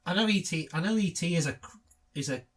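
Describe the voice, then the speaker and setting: A man co-hosts a laid-back film commentary, his voice sitting a little higher than usual. He tosses out dry, sarcastic jokes and breaks into laughter often. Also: fast talker, fairly bright tone. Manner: sarcastic, joking riffs with frequent laughter. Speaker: co-host.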